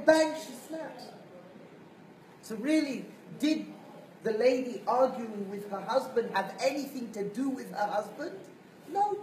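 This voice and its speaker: A rabbi lectures with animated storytelling. He sounds distant in a roomy space, with a faint hiss beneath his voice. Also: very high-pitched. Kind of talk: sermon-style lecture.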